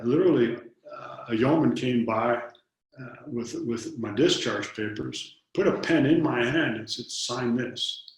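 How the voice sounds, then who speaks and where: Here a man from Detroit, United States, in his fifties, tells stories from his life during an interview, his voice mid-range. The recording has heavy echo; he earnestly acts out conversations and often restarts thoughts by repeating his first words.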